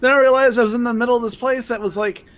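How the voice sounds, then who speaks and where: A man's voice: very high-pitched, steady tone, very fast, a bit bright. A man streaming a video game with friends, grumbling and swearing heavily, with bursts of laughter. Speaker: gaming streamer. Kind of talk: casual gaming banter.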